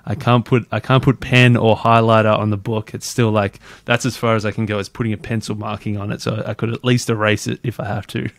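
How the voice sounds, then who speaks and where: A man's voice: on the low side, little pitch movement, brisk, hardly any pauses, no room sound. A man guest on a podcast, talking casually and rambling with lots of fillers and restarts. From Australia. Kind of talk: casual interview chat.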